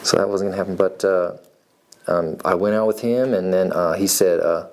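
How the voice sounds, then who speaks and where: A man in his forties from Nevada, with a deep voice that has a gravelly fry to it. He tells his life story in a relaxed, meandering way. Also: moderate pace, slight background noise. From Nevada, USA. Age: 40s. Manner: rambling, laid-back, meandering. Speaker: reality show applicant, farrier. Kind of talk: casual personal storytelling.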